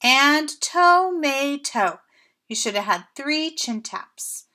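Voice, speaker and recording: A woman with a high, lively voice gives a remote lesson to young children. Her tone is bright and clear, and she speaks slowly and encouragingly, like a teacher. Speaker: first grade teacher.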